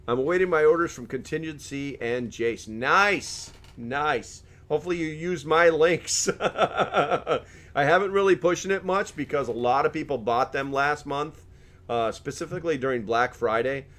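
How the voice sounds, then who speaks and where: Middle-aged man, live-stream host, casual joking chat, reads comments aloud, laughs a lot, mid-range voice. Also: mid-range voice.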